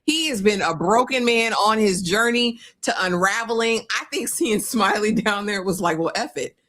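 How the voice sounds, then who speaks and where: A woman's voice: mid-range voice, moderate pace, fairly bright tone, slight background noise. A woman co-hosting a live show recap in casual chat. She talks in a reasoned, matter-of-fact way. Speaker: podcast co-host.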